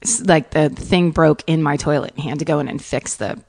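A woman's voice: sits low, fairly even intonation, a little fast, vocal fry, a little mellow. A woman co-hosting a podcast, chatty and joking, laughing often as she tells stories. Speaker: podcast co-host. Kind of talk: casual chat.

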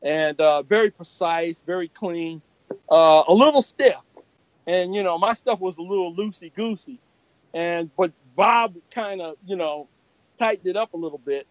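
An older man, a comic artist guest, telling lively anecdotes with laughs and acted-out voices. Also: sits high, normal speed, dry recording. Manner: animated, laughing, acts out quoted voices. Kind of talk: anecdotal storytelling. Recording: dull lo-fi recording.

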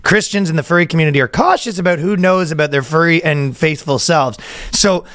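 A man's voice: a little high, brisk, a bit bright, dry recording. A man co-hosting a comedy podcast, telling crude jokes in casual chat. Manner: jokey, breaks into mock preacher voices. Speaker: podcast co-host.

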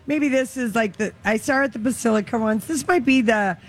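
A woman's voice: fairly high pitch, fairly quick. A woman in her fifties co-hosting a radio show, chatting and reminiscing casually. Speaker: radio co-host.

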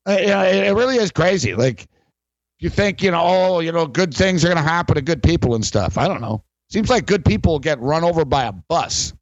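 Man, sports radio host, sarcastic rant, rambling, slightly high voice, dry close sound. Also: lively intonation, fairly quick, no room sound, muffled recording. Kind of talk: sports talk radio monologue.

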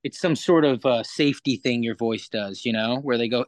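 A man's voice: mid-range voice, moderate pace, no echo. A man co-hosting a podcast in casual chat, playful with jokey asides. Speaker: podcast co-host.

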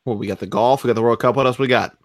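A man's voice: medium pitch, rapid-fire, no echo, clean studio sound. A young man co-hosting a sports podcast, chatting casually and rambling, with loose swearing. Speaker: podcast co-host.

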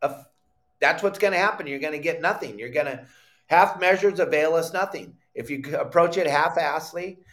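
A middle-aged man hosting a live fishing podcast, telling a story with lively acted-out quotes and bursts of shouting. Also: fairly high pitch, normal speed. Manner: animated storyteller, acts out quotes, shouts when excited. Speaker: podcast host.

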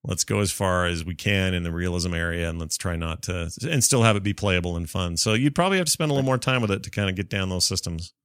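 A man's voice: deep voice, fast talker, hardly any pauses, a bit bright, dry recording, clean studio sound. A man co-hosting a casual gaming podcast, giving blunt, opinionated remarks. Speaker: podcast co-host.

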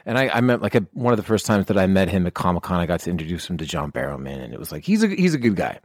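Low-voiced man in casual chat. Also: big pitch swings, rapid-fire, no room sound, studio quality. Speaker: podcast guest, TV actor.

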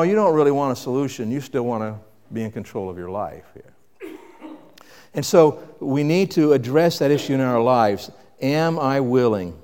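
A man preaching a sermon with dynamic delivery, rising to loud emphasis and dropping to quiet reflection. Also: mid-range voice, in a large hall. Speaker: pastor.

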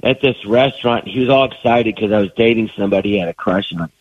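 A man's voice: fairly low pitch, fast, breathy edge, no room sound, dull audio. A middle-aged man with a cold and a phlegmy voice, a comedian guest rambling self-deprecatingly through a long story in casual chat.

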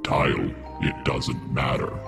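A man's voice: a bass voice, takes it slowly, vocal fry, music in the background, voice pushed down, heavily acted. A man voicing a menacing male devil who gives cold, commanding orders in a tabletop game.

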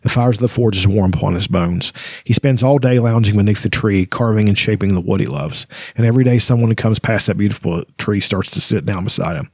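A man reading aloud as a wise, gentle old man who is secretly a god, speaking softly and tenderly. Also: lowish voice, slightly rough, dry recording.

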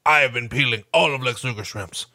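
A man putting on a mock Russian accent as a wrestler, ranting in deadpan broken English. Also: mid-range voice, fairly quick, no echo, clean studio sound.

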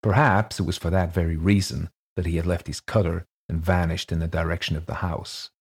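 A man reading a ghost story aloud as an audiobook narrator, measured and even. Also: deep voice, breathy edge.

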